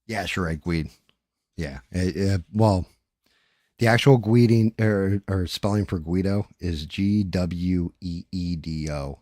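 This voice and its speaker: A man's voice: deep voice, dark tone, no room sound, studio quality. A middle-aged man, a streamer, talking candidly and rambling in casual chat, with some cursing.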